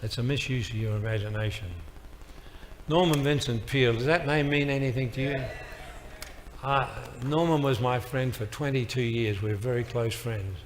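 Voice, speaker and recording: A man's voice: mid-range voice, steady tone, moderate pace. Man giving a punchy speech in a hall. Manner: punchy storyteller with emphatic one-liners. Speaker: motivational speaker. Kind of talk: storytelling speech to an audience. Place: large hall with a live audience. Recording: reverberant hall with faint noise.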